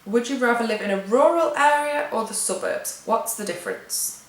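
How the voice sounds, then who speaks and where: A woman's voice: fairly high pitch, expressive, normal speed, roomy sound, rough recording. A young woman from England with a British accent, reading out tag questions and answering them offhand in a casual vlog chat at home. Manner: chatty, reads questions aloud and answers offhand. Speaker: vlogger.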